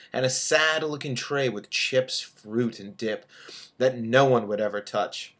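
A man in his thirties, an author reading his own fiction aloud and breaking off for casual asides with fillers. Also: mid-range voice. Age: 30s.

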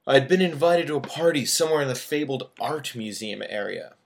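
A man's voice: medium pitch, animated, a little fast, vocal fry. A man in his thirties, an author reading his own fiction aloud and breaking off for casual asides with fillers. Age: 30s.

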